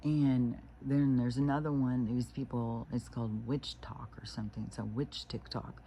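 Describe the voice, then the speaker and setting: A woman with a gravelly, creaky edge talks to the camera from home in the early hours. Her tone is dark and mellow, and she rambles loosely from thought to thought, swearing freely as she goes. A faint hiss sits under the recording. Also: a bass voice, fairly even intonation, moderate pace. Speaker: spiritual vlogger. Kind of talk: casual rambling monologue.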